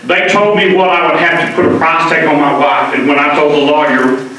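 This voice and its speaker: A man's voice: on the high side, flat delivery, fairly quick, pushed and bright. A middle-aged man giving an emotional, impassioned speech at a public debate in a library meeting room, often repeating words as he presses his point. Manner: emotional, earnest, repeats words when stirred. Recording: very echoey hall, mic far off.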